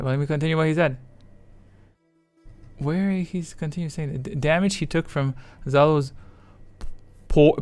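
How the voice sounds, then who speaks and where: A man's voice: a little high, clean tone. A man streaming live, rambling in casual chat, swearing freely and reading viewers' messages aloud.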